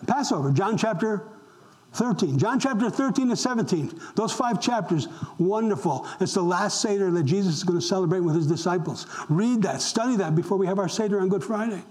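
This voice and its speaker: A man's voice: high-pitched, expressive, fairly quick, darkish tone, low-quality recording. An older man, a pastor, preaching a conversational sermon and asking the congregation questions as he goes.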